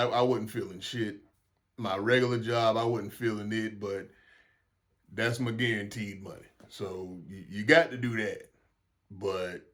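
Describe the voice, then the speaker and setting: A man's voice: lowish voice, fairly bright tone. A young man from South Carolina with a Southern accent, hosting a solo podcast in a rambling, frank and profane way, often repeating and restarting his words. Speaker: podcast host. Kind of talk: casual solo podcast monologue.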